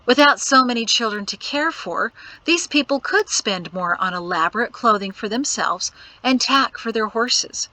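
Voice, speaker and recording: A woman narrating an audiobook in a measured, expressive storytelling read. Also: medium pitch, poor audio. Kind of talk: scripted narration.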